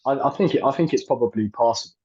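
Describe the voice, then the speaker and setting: The guest, an actor and filmmaker in his 30s, has a mid-range, warm, husky voice and talks fast. In this relaxed interview he hesitates often, filling gaps and restarting sentences, all on dull lo-fi audio.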